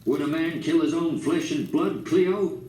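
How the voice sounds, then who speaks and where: A man voicing a drunk, raging middle-aged father who shouts and curses. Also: mid-range voice, moderate pace, close to an everyday voice. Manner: shouting, slurred cursing. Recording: roomy, distant mic, faint background noise.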